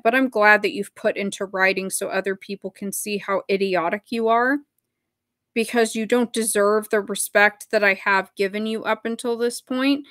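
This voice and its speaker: A woman's voice: mid-range voice, fairly bright tone, no echo, studio quality. Woman creator, scornful direct-to-camera rant, medium voice, no room sound. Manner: cutting, contemptuous, emphatic. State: emotional, voice straining. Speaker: video creator.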